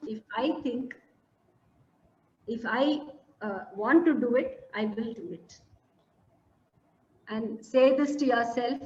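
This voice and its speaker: A woman's voice: fairly high pitch, takes it slowly, pauses often, darkish tone. A woman giving an earnest, coaxing mental health talk on an online call, repeating her points with many fillers. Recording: echoey room, dull lo-fi audio.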